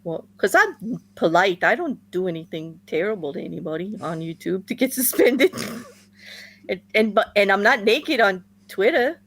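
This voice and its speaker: A woman from the States in casual chat as a guest, chatty and quick to laugh, often trailing off and starting again. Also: mid-range voice, big pitch swings, a bit bright. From United States.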